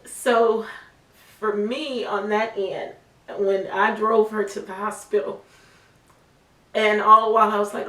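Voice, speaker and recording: A woman's voice: mid-range voice, little pitch movement, a little slow, pauses often, a bit bright. A middle-aged woman sharing an emotional, faith-filled testimony as a mother, in earnest personal talk. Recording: roomy sound from a distant mic.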